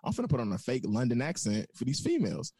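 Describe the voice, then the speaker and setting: A man co-hosting a podcast, ranting and telling stories in an animated way. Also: medium pitch, fast, slightly rough, no echo. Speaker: podcast co-host. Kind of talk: casual chat.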